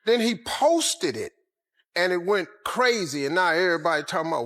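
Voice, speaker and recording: A man's voice: high voice, expressive, moderate pace, a bit bright. A man telling a comic story about his son on a talk show, in a mock-indignant tone.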